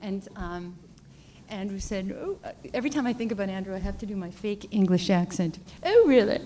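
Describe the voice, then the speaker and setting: Halting mellow-voiced woman painter. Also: medium pitch, fairly even intonation, a little hiss or hum. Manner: halting, repeats words, earnest. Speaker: panelist, painter. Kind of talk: storytelling at a panel talk. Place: lecture hall at a panel event. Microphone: handheld or podium mic, often off it.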